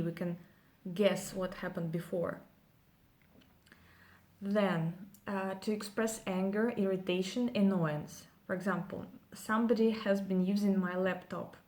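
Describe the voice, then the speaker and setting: Slow, hesitant woman teaching English. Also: mid-range voice, a little mellow. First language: Russian. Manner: slow, hesitant, many ums while explaining. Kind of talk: grammar lesson.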